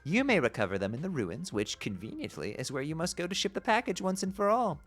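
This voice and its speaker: A man's voice: on the high side, big pitch swings, quick pace, a bit bright, soft background music, voice pushed up. A man reading aloud as a cryptic, teasing woman in a put-on posh British accent.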